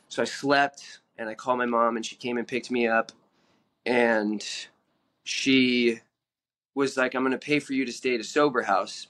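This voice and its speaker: A man guest telling his own story in an earnest, halting way, with many fillers and restarts. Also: mid-range voice, steady tone, fairly bright tone. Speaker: podcast guest.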